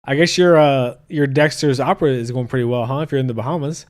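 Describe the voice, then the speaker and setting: A man's voice: medium pitch, fast, a little mellow, clean tone. A man hosting a casual podcast, ranting and joking crudely while reading his live chat. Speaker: podcast host.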